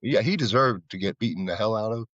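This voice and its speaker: A man's voice: fairly low pitch, fast, fairly bright tone, no room sound, dull audio. An American man from Florida, a guest telling loose, rambling stories in casual conversation, with lots of "you know" and repeated words. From Florida, USA. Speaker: guest, flower bike artisan.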